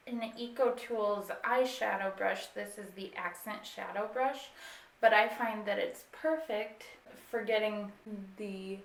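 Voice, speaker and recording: A woman's voice: medium pitch, gravelly, a little hiss or hum. A woman in her twenties giving a casual makeup tutorial, explaining each step in an easygoing way with lots of filler words. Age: 20s. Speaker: beauty vlogger. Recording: roomy echo, faint ambience.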